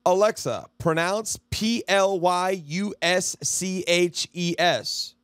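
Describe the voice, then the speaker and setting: A male streamer in live-stream banter, profane and mocking, yelling at his smart speaker. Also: high-pitched, slow pace, smooth, no echo.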